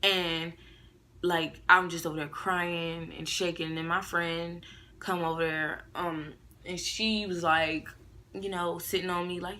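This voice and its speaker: A young woman tells a long storytime straight to camera, loose and slangy. Her voice is bright and a little low-pitched, and she jumps up into sharper voices when she quotes people. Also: measured pace. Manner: animated, slangy, acts out quotes in raised voices. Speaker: vlogger. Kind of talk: casual storytime monologue.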